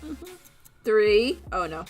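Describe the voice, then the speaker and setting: A woman's voice: medium pitch, big pitch swings, takes it slowly, faint music behind. Giggly young woman streamer. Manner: giggly, rambling, self-deprecating. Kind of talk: casual live-stream chat while drawing.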